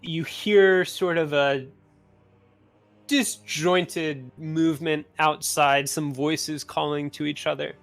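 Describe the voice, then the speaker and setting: A man narrating a tabletop game as game master, in a relaxed, unhurried way with many fillers. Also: a little high, vocal fry, faint music behind.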